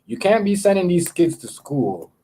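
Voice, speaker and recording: A man's voice: high voice, sing-song, normal speed, warm tone, a little hiss or hum. A man chatting casually on a livestream, rambling and swearing, often repeating words as he talks to his viewers. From Canada. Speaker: live streamer.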